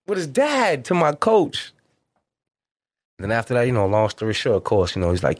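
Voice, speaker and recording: Animated middle-aged man. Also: normal speed. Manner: animated, acts out quotes with big pitch jumps; profane, slangy. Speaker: guest. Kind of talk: casual storytelling.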